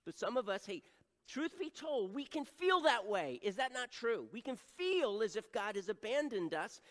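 A middle-aged male pastor preaching an animated sermon, acting out voices and adding self-deprecating asides. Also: high-pitched, moderate pace, long reverb tail.

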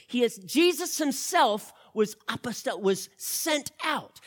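A male pastor preaching a teaching sermon, swinging from loud emphasis to quiet asides and asking the audience questions. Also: high voice, expressive, moderate pace, hardly any pauses, no room sound, clean studio sound. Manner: asks the audience direct questions.

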